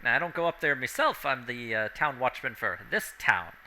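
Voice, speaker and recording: A plain-spoken rural watchman who lights the lanterns and keeps the cows in, played by a man. His voice is very bright and forward, and there is faint ambient noise behind it. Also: mid-range voice, animated, normal speed, rough recording. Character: rustic male town watchman and farmer.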